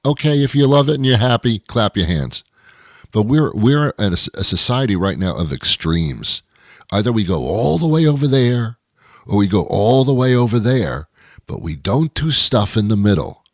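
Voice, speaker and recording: A male host giving a wry, rambling comedic monologue with dramatic pauses. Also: lowish voice, sing-song, dry recording, studio quality.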